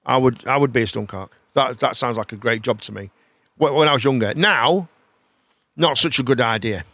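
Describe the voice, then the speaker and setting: A man hosting a live chat show, rambling in a casual, animated way and swearing freely. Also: mid-range voice, a little fast, no room sound.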